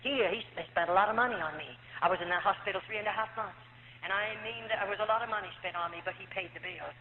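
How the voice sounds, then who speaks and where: A woman's voice: medium pitch, fast. An older American woman giving an earnest, emotional personal testimony to a church gathering, with hesitant fillers. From United States. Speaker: former nun giving testimony. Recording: tinny old cassette of echoey hall, faint hiss.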